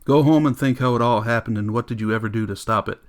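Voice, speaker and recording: A man voicing Montag, a shaken male fireman, reciting verse slowly and later shouting. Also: mid-range voice, natural voice. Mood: furious. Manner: measured poetry recital, then shouted commands.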